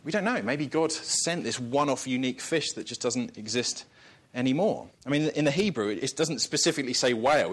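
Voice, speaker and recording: Man, preacher, sermon, conversational, rhetorical questions, chuckling asides, middle pitch. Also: animated, brisk. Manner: conversational, jokes and chuckles between points; asks the listeners rhetorical questions.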